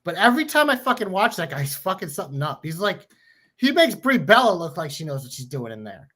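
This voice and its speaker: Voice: mid-range voice, big pitch swings, fast talker, bright, forceful tone. A podcast co-host in casual chat, blunt and profane, given to rants.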